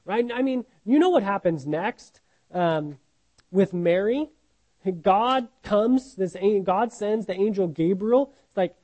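An earnest male preacher teaching from scripture, his voice sitting high. He asks the listeners question after question, often restarting words and tagging lines with "right?". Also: expressive, takes it slowly, darkish tone, rough recording. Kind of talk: sermon, Bible teaching.

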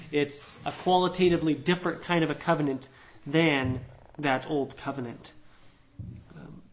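A man's voice: fairly high pitch, slight background noise. A man co-hosting a conversational Bible study discussion, thinking aloud with frequent ums and restarts as he works through a passage.

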